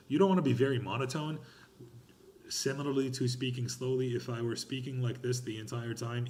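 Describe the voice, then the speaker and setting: Male speech instructor, mid pitch, emphatic and expressive, recorded in a roomy space. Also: a little hiss or hum. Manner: emphatic and expressive, lively gestures. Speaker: college instructor. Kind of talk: recorded lecture on speech grading.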